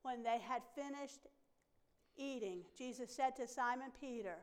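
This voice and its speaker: High-voiced woman preaching a sermon. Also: measured pace. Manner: emphatic, repeats phrases for stress. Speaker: pastor.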